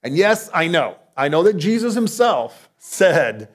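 In a sermon delivered like a conversation, a male preacher throws out rhetorical questions and moves from loud emphasis to soft, low asides. His pitch swings widely, and his pace is a little slow.

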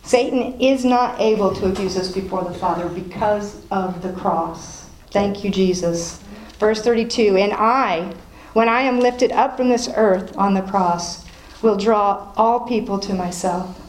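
A woman's voice: mid-range voice, a little slow. A woman leading a Bible study, reading scripture aloud, then explaining it and asking the group questions. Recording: roomy echo with faint noise.

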